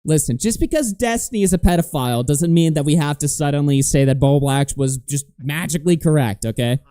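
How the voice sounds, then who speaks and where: Heated, profane man with mellow tone. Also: on the high side, a little fast, dry recording, clean studio sound. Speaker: livestream host. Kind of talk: casual livestream rant and reading donations.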